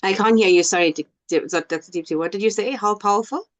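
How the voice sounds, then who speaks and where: Deliberate woman teacher on a muffled call. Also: medium pitch. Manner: slow, deliberate, asks the class questions. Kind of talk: online class lesson. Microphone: video call. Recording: dull lo-fi video call audio.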